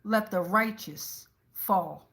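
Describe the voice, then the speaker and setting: A woman's voice: medium pitch, slow, gravelly, fairly bright tone. A middle-aged woman, hosting a casual tarot livestream, reading chat comments in loose, profane slang and laughing often.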